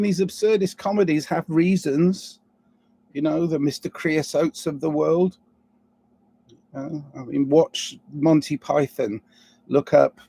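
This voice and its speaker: A man's voice: a little high, mellow, husky. A man talking alone in a rambling, reflective monologue, asking himself question after question, with a noticeable accent. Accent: non-standard English accent. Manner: rambling, musing, asks himself many questions. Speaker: vlogger.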